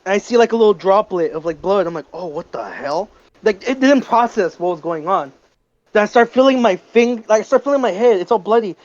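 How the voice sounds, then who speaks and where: High-voiced teen guy telling a story. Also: fast talker, highs cut off. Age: teens. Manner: animated, swears freely. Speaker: podcast co-host. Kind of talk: casual storytelling.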